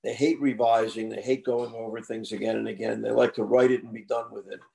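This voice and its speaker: An older man speaks in a gravelly, darker voice, working through his answers aloud. He often restarts and repeats words as he thinks, in a relaxed conversational interview manner. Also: lowish voice, fairly quick. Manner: thoughtful, self-correcting, repeats words. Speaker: author guest.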